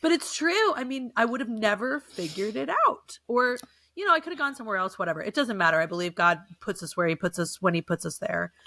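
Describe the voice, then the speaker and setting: A middle-aged woman, telling her own story in an earnest, animated way as a guest. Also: mid-range voice, fast talker, dry recording. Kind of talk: casual chat.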